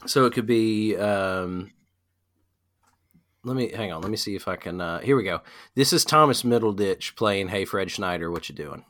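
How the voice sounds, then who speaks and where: A man's voice: fairly low pitch, moderate pace, fairly bright tone. A man hosting a podcast in casual chat, swearing freely and explaining games with lots of fillers. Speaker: podcast host.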